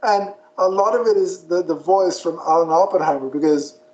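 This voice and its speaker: A man co-hosting a podcast, retelling a cartoon in casual chat with a rambling, animated manner. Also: high voice, normal speed, low-quality recording. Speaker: podcast co-host.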